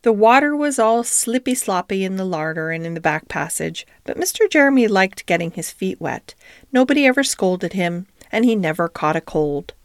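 A woman narrating a children's storybook in a gentle, expressive reading. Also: medium pitch, normal speed, no echo, clean studio sound.

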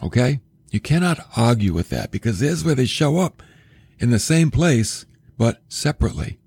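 A male podcast preacher teaching Scripture in an animated sermon style, often turning to ask the listener questions. His voice is husky and moves through a wide range of pitch. The recording is dry and close, with no room sound. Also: normal speed, no echo.

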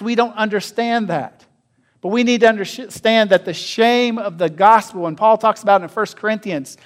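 A man preaching a sermon as pastor, asking his listeners questions and swinging between loud and quiet. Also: sits high. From North America. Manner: asks the congregation questions, varies loudness widely.

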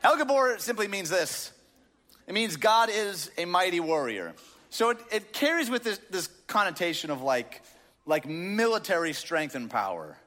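A man's voice: sits high, sing-song, normal speed, sharp tone. A man preaching a sermon in a casual, joking way, with lots of filler words, to a crowd in a large church auditorium. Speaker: pastor. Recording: long reverb of a large hall.

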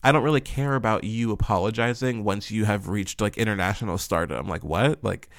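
A man's voice: on the low side, brisk, no room sound, clean studio sound. A man ranting in blunt, profane commentary, full of fillers and rhetorical questions. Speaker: commentary vlogger.

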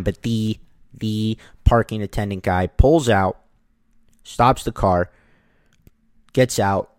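A man casually telling a personal story, lively, acting out the people in it. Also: lowish voice, dry recording. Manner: animated, acts out the people in his story.

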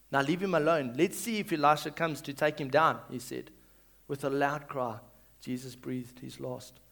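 A male pastor reading scripture and preaching, swinging between loud calls and hushed reading and leading the congregation to repeat after him. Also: on the high side. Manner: leads the congregation in call-and-response.

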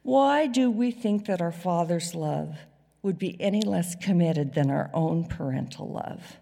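A woman delivers a slow, unhurried sermon in a church, her voice gravelly and a touch low. She swings between loud emphatic lines and hushed near-whispers. The hall's long reverb trails behind her words. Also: lively intonation. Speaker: preacher. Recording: reverberant hall sound.

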